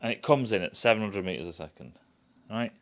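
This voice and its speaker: A man's voice: lowish voice, quick pace. A man giving a casual, rambling and scornful review, swearing often and restarting his sentences. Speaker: TV critic.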